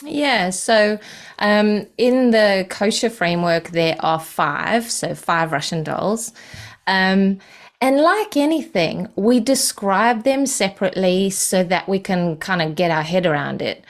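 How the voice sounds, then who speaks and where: A woman from the UK, a podcast guest calmly explaining ideas in a patient, unhurried way with frequent fillers. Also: medium pitch. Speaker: podcast guest, energy healing practitioner. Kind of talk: explanatory interview talk.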